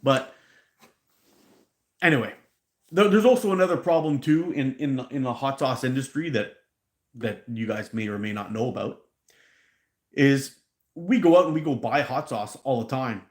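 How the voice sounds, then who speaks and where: A man hosting a casual live stream about hot sauce, a rambling, animated storyteller who laughs at his own stories. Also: mid-range voice, normal speed, pauses often, reverberant. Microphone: handheld mic pulled out.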